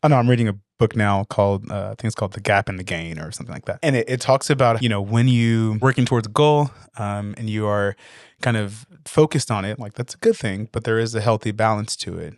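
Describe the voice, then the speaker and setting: A man's voice: on the low side, quick pace, dry recording. A man talks casually as a guest on a podcast, telling anecdotes about his company's team. He slips into quoted voices and laughs easily. The recording is dry, with almost no room sound. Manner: animated storyteller, acts out quotes, laughs often. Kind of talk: casual interview chat.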